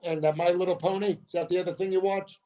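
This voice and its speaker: A man's voice: high-pitched, steady tone, fast, dark tone. A middle-aged man, a comedian and guest, telling long, self-mocking stories in casual chat, often stopping and restarting his sentences. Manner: rambling, self-mocking anecdotes with many restarts. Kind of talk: casual storytelling interview.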